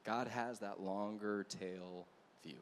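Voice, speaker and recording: Pastor guy, kinda low voice, chatty storytelling sermon, bit of faint noise behind him. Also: slow. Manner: conversational, animated storytelling with asides. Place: church gathering.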